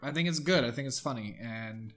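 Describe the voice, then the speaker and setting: A man's voice: medium pitch, a little fast, a bit bright, soft background music. A man co-hosting a let's play, chatting casually and earnestly arguing his point. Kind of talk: casual gameplay chat.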